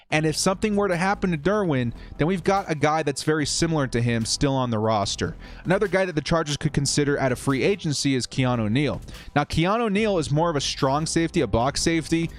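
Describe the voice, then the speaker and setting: A man hosting a casual football live-stream, reading viewer comments and giving animated, fired-up opinions. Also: mid-range voice.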